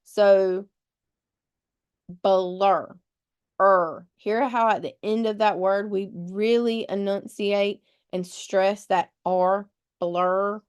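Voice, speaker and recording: A woman's voice: mid-range voice, fairly even intonation, slow pace, hardly any pauses, darkish tone, clean tone, lo-fi sound. A woman leading a test-prep webinar, patiently explaining rules step by step and spelling words out letter by letter. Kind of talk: live webinar teaching.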